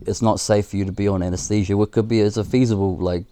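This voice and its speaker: A man's voice: lowish voice, fairly even intonation, fast, mellow, a little hiss or hum. A man in his thirties or forties, a podcast guest, chatting casually in a rambling, frank way with lots of fillers and swearing. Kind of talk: casual chat.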